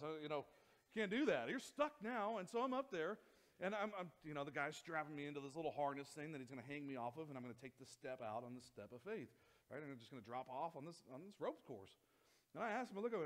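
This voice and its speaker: A man, a youth pastor, preaching a sermon and telling a lively story, acting out voices as he goes. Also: fairly high pitch, quick pace. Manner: animated storytelling, acts out his own voice and others'. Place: church hall.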